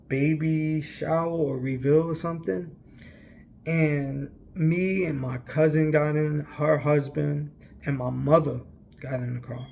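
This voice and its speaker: A man's voice: on the high side, creaky, darkish tone, a little hiss or hum. A young man telling a long personal story in a casual, rambling way, emphatic and full of fillers. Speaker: vlogger.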